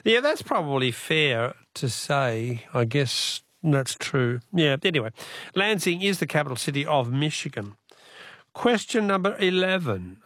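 A man's voice: fairly high pitch, big pitch swings, unhurried, fairly bright tone, dry recording, studio quality. An Australian man hosting a talkback radio quiz, chatty and matey, reading out listener texts.

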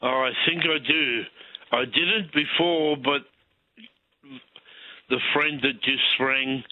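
A friendly Australian man calling in to talk radio, rambling with plenty of pauses. His voice comes through a tinny phone line with a dry sound, at a middling pitch. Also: no room sound. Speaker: caller.

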